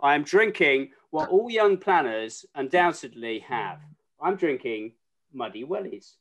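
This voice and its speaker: A man hosting a video call show in a playful, teasing way. His voice sits a little high for a man. He sounds like he is speaking into a home computer mic. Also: very animated, unhurried. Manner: jokey, warmly teasing. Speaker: host.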